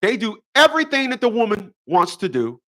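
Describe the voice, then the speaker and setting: A man's voice: high-pitched, huge pitch swings, a little fast, a bit bright. A man hosting a relationship advice show, delivering a preachy solo monologue full of repeated rhetorical questions and emphatic short phrases.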